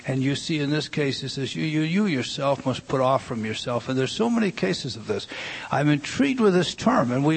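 Husky emphatic male preacher. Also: on the high side. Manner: emphatic, repeats "you see", swings from hushed to loud. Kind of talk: sermon.

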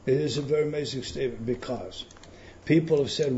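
A man preaching a sermon in an emphatic teaching manner, swinging between loud stresses and quiet intensity. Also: fairly high pitch, lively intonation, brisk, gravelly, muffled recording, a little hiss or hum.

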